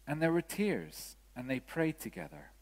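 A vicar telling a story in a sermon, quoting the people in it with animated voices. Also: male voice, on the high side, normal speed. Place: church. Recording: church hall with long reverb.

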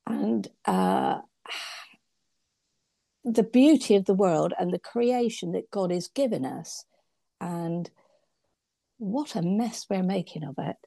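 Woman, mellow gravelly voice with a dry sound. Hesitant and earnest, on a tablet call. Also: medium pitch, takes it slowly, pauses often, no room sound. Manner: hesitant, lots of ums, warm and earnest. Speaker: church member sharing reflections. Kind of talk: casual reflective chat. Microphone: tablet on video call.

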